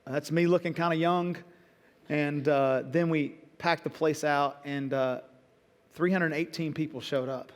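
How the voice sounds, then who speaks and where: Middle-aged man, pastor preaching, lively self-deprecating storyteller, reverberant church hall. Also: on the high side, a little slow. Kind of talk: sermon storytelling. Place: church auditorium.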